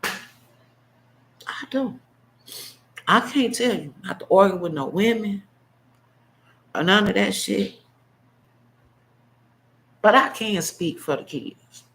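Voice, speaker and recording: A man's voice: on the high side, low-quality recording. Impassioned man in his fifties venting. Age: 50s. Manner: impassioned and blunt, swinging between heated outbursts and hushed, choked-up asides. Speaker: vlogger. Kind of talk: unscripted emotional monologue to camera.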